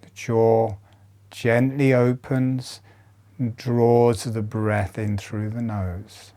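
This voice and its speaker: A man leading a guided breathing meditation, giving calm instructions softly with long pauses. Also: mid-range voice.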